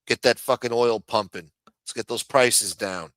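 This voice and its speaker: Speaking at a normal pace, a medium-pitched, fairly bright-toned middle-aged man from the US rants furiously and cusses constantly while hosting his livestream. A streaming microphone picks him up with no room sound.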